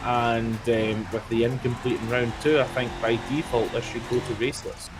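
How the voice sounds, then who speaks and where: A man commentating and judging a live online drift battle, giving measured verdicts with some hesitation. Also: medium pitch, little pitch movement, background noise.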